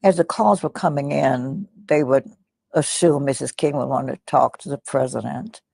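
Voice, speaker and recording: A woman in her eighties recounting personal memories in an interview, speaking slowly and reflectively and often sinking to a near whisper. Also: rumbling low, gravelly, darkish tone, husky, no echo. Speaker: guest.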